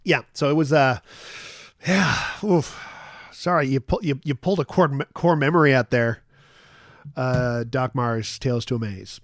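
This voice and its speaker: A man's voice: mid-range voice, unhurried, no echo. Guy in his 40s telling a long story, chatty and rambly, lots of um and uh, dead dry mic. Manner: rambling, animated, with fillers and restarts. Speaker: host. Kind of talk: casual storytelling chat.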